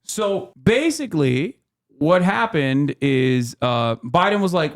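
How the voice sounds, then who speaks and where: Streamer guy in his 30s ranting and explaining, swears a lot, lots of um and like, fairly high voice. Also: sing-song, slow, gravelly. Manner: heated, profane, with many fillers and restarts. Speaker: streamer host. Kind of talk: casual livestream explainer.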